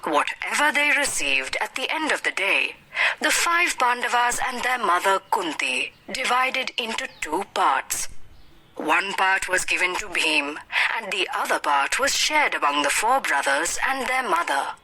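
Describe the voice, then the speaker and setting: A woman teacher reading a story aloud for an English lesson, slow and expressive. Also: mid-range voice, rough recording.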